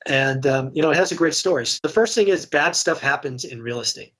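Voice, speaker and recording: Middle-aged man, slightly breathy voice, frank and chatty interview guest. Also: a little high, lively intonation, brisk, a bit bright. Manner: candid, conversational, many restarts. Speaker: real estate investor and guest. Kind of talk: casual podcast interview storytelling.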